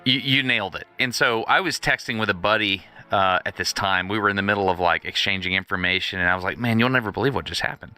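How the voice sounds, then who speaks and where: A man's voice: on the low side, steady tone, fast, hardly any pauses, bright, forceful tone, clear, resonant tone, soft background music. A man co-hosting a podcast, telling a story in casual chat and acting out the people in it. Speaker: podcast co-host.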